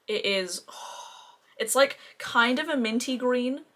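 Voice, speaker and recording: A woman's voice: a little high, measured pace, a bit bright. Gushing Australian woman reviewing makeup. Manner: gushing, chatty, effusive. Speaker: beauty vlogger.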